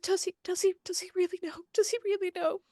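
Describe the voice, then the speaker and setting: A woman voicing a grieving old widow who babbles in a high, tearful voice. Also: flat delivery, fast, warm tone, no echo, clean studio sound. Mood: weeping. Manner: sobbing, babbling, high-pitched. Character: weepy elderly widow, high and fluttery.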